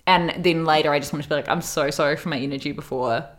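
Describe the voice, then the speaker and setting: Young woman podcast host, lower voice, lively storyteller who acts out every quote. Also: fast talker. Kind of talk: casual chat.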